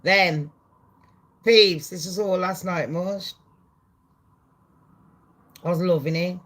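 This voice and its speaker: A woman giving swearing, animated gossip commentary on her channel. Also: on the low side, slow. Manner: animated, swearing, laughing asides. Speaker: commentary vlogger.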